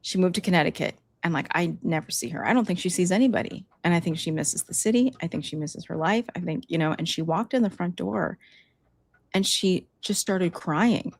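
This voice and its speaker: A woman's voice: lowish voice, brisk, dry recording. A middle-aged woman co-hosting a podcast, chatting casually with many likes and you-knows. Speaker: podcast co-host. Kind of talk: casual chat.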